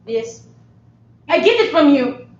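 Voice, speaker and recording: Woman playing a defiant younger French sister, heavy fake French accent, slow and shrill, echoey stage. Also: completely flat delivery, a little mellow, slight background noise. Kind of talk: improv comedy scene. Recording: echoey theater, dull sound.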